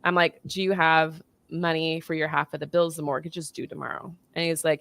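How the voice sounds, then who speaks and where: A woman's voice: low voice, fast talker, gravelly, hardly any pauses, no room sound. A woman in her thirties telling a personal story in casual chat, acting out the voices in the dialogue she quotes. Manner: animated, acts out quoted dialogue.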